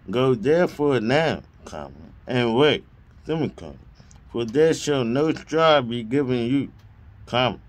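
A man reading scripture aloud verse by verse, speaking each punctuation mark aloud and sometimes restarting a phrase. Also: mid-range voice. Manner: reads punctuation marks aloud, deliberate; occasional stumbles and restarts. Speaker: Bible reader.

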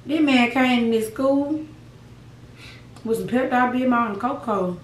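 A young woman chatting to her viewers over a meal, folksy and quick to laugh. Her voice sits a little high and lands from a step away from the phone. The room is echoey, with a faint hum behind her. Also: distant mic. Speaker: mukbang vlogger. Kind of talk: casual chat to camera while eating.

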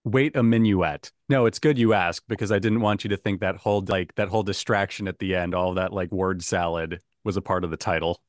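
A man's voice: low voice, fairly quick, hardly any pauses, no echo, clean studio sound. A man hosting a casual podcast quiz game, upbeat and chatty, who laughs often. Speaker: game show host.

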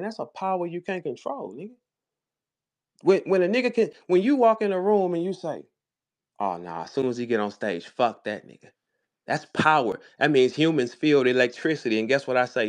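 A man's voice: on the high side, expressive, a little fast. A man with a St. Louis accent, a battle rapper talking casually in a live audio room, boastful, profane and preachy. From St. Louis, USA.

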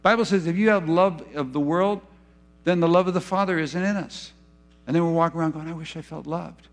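Man preaching, higher-pitched. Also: fairly quick. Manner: dramatic retelling with acted quotes, swinging between hushed and loud. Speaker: pastor. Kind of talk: sermon. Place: church.

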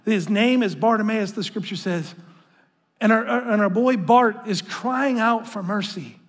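A male pastor with a notably high voice preaches in an earnest, conversational way, often stumbling and restarting as he goes. He draws the congregation in and calls them to read aloud with him. His words ring out with a long reverb through a large church hall. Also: measured pace. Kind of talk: sermon. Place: church sanctuary.

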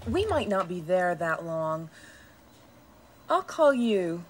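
A brash, teasing niece. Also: female voice, on the low side, very animated, slow, heavily acted. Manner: teasing, forthright. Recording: noisy old TV audio.

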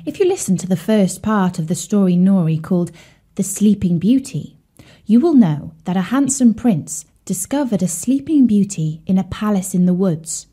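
A woman telling a children's fairy tale in a gentle, confiding way, speaking directly to her young listeners. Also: medium pitch, big pitch swings, moderate pace, few pauses, breathy edge. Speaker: storyteller. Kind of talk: storytelling for children.

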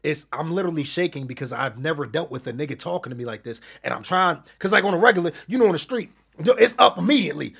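A fast-talking man with a gravelly, husky voice tells a heated story in casual chat. His pitch leaps up and down as he drops from quiet recounting into loud, shouting bursts. He sits on the higher side for a man. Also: expressive. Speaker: streamer being interviewed.

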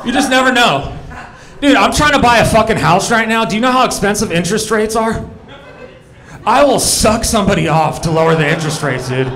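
A man's voice: sits high, lively intonation, fairly quick, fairly bright tone. A young man doing a crude, rambling stand-up set on a comedy club stage, talking to the crowd.

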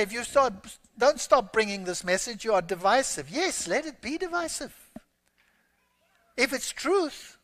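A man's voice: high voice, bright, forceful tone. A man preaching a sermon, reading scripture aloud with emphatic, rising exclamations. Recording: long hall reverb.

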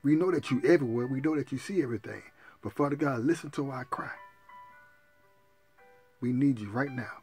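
This man's mid-range, slightly mellow voice moves a little fast, with frequent pauses, as he delivers a sermon and spoken prayer over faint music. He preaches fervently, repeatedly cries out to Jesus, and speaks to his listeners as sisters and brothers.

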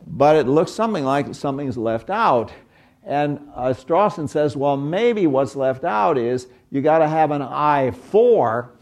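An older male professor lecturing in a university room. His pitch sits in an ordinary middle range, and he keeps things conversational and wry as he walks through his examples. He pauses now and then, the easygoing delivery of a man who has taught this material for years. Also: a little mellow.

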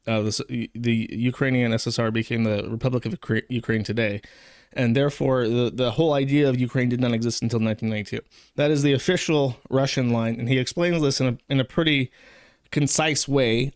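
A man's voice: medium pitch, clean tone, no echo, studio quality. A man giving casual, sarcastic commentary, rambling and crude. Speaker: streamer commentator.

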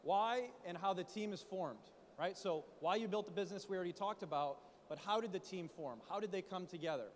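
A man speaking at a conference, coaching founders on pitching in an animated way, full of rhetorical questions. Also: a little fast, few pauses, big-room sound, a little hiss or hum. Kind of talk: startup pitch talk. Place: conference stage in a large hall. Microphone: handheld mic.

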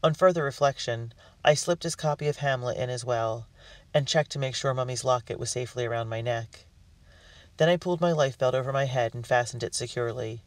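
A man narrating a storybook in the first person with an earnest, expressive delivery. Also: medium pitch, fairly quick, no room sound. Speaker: audiobook reader. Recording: dry, distant mic.

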